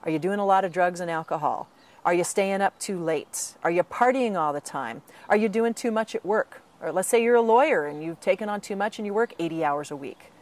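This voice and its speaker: A woman speaks in an interview, laying out her advice in a steady, earnest way. She breaks now and then into animated quoted voices of other people. Her breathing sounds a little strained. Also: fairly low pitch, a little fast. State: slight breathing trouble. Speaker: author and patient advocate. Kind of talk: interview answer.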